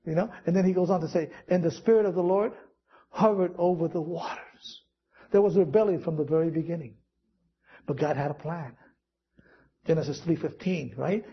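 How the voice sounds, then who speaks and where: A man's voice: a little high, moderate pace, lo-fi sound. A man preaching a sermon, telling stories with acted-out quotes and chuckling as he goes. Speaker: pastor.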